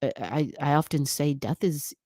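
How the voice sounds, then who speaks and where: A woman hosts a casual livestream from home, her voice low and mellow. She rambles and restarts mid-thought, stopping to read viewer comments aloud. The sound is close and dry, with no room around it. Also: no echo. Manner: rambling, halting, many restarts and fillers. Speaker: livestream host. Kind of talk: casual live-stream chat.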